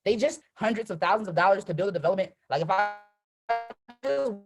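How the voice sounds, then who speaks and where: A woman hosting a live motivational call as a trading coach, emphatic and animated, tagging nearly every sentence with "right?". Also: medium pitch, quick pace, husky, faint music behind. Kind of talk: live-streamed motivational talk.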